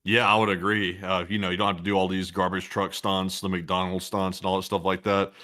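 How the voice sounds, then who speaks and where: A man's voice: deep voice, little pitch movement, sharp tone. A young man co-hosting a live stream, giving casual political commentary in a rambling way with many restarts. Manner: quick and rambling, many restarts and "it's like" asides.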